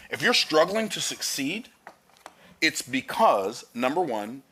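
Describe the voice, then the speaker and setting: A man's voice: fairly high pitch, big pitch swings, slow pace, pushed and bright, husky. A man preaching a sermon, reading scripture aloud and explaining it with emphatic, rising declarations.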